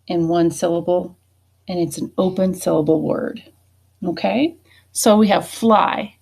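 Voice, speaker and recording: A woman's voice: mid-range voice, gravelly, a little mellow. A woman teaching a phonics lesson, patient and checking in with students often. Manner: patient, checking in with frequent "okay?" and "right?".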